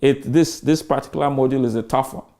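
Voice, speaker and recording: A man's voice: mid-range voice, fast talker, dark tone. A man in his fifties giving an emphatic customer service training lecture, full of rhetorical questions and repetition.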